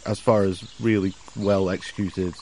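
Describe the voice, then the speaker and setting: Man, casual film chat, lowish voice, rambling retelling, faint outdoor noise behind. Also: moderate pace. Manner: animated, rambling scene retelling. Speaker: podcast co-host.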